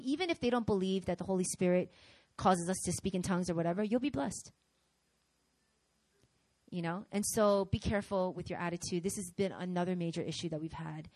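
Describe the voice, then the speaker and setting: A middle-aged woman pastor preaching a sermon in an animated way, acting out voices as she tells examples. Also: medium pitch, no echo. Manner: animated, acts out quoted voices.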